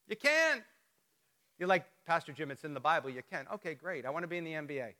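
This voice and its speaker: Speaking rapid-fire in a slightly high, sharp voice, this middle-aged man is a pastor delivering a sermon in a church sanctuary. He shares stories conversationally and trades jokes with the congregation.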